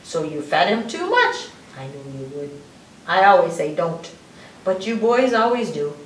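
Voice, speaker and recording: Woman reading as a tired old fish-shop man, low and resigned, roomy distant sound. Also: sing-song, unhurried. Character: older man, weary fish-shop owner Mister Carp. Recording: roomy, distant mic, faint hiss.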